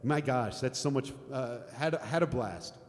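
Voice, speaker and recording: A man's voice: medium pitch, measured pace. An older American man chatting casually with viewers on a live music stream, rambling and laughing, with some swearing. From United States. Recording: long reverb, guitar music behind.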